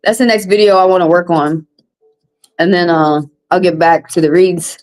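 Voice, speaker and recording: A woman's voice: steady tone, moderate pace, poor audio. A woman, a tarot reader hosting a live stream, venting bluntly and with plenty of swearing to her viewers. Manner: blunt and profane, vents with rising pitch.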